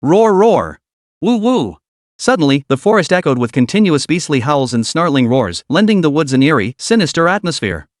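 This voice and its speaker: A man narrating a comic story recap in a dramatic, even read. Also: on the high side, a little fast, few pauses, dry recording, clean studio sound.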